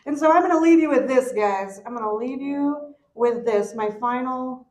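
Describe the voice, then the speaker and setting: A young woman performing stand-up comedy, telling a story with animated voiced quotes. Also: high voice, normal speed. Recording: echoey stage with music.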